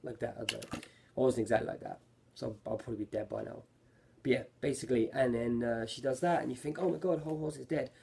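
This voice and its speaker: A man's voice: medium pitch, fairly even intonation, fast talker, gravelly, background noise. A man giving a casual, rambling review of an anime episode, often correcting himself mid-sentence. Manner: rambling, self-correcting, lots of fillers.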